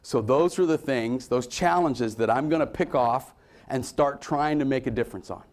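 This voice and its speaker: A man giving a motivational conference talk to a room, swinging between loud emphasis and low asides. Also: normal speed. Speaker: conference speaker.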